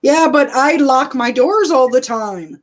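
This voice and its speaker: A middle-aged woman hosting a casual livestream, loud and laughing often as she reads viewer comments. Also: high-pitched, expressive, a little slow, a little hiss or hum. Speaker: livestream host and rideshare driver.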